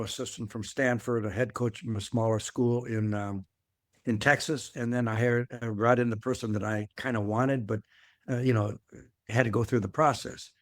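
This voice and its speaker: An older man speaks as an interview guest in an unhurried, rambling way. His voice sits at an ordinary pitch and sounds dry and close. He doubles up on words and leans on "uh" as he tells his story. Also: dry recording. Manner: rambling, repeats words, fills with uh. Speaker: guest, former athletic director. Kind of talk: conversational storytelling.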